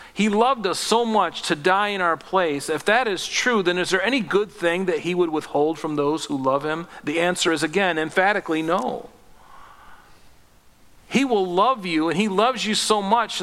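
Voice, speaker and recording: A man's voice: on the high side, fairly bright tone. A man preaching a sermon as a pastor, talking conversationally with restarts and asking emphatic rhetorical questions. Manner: restarts and fillers, rising to fervent prayer.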